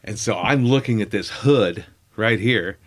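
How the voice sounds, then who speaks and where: A man's voice: on the low side, a little slow. Middle-aged man spinning rambling anecdotes. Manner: rambling, self-deprecating anecdotes, acting out quotes. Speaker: comedian guest. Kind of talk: casual storytelling chat.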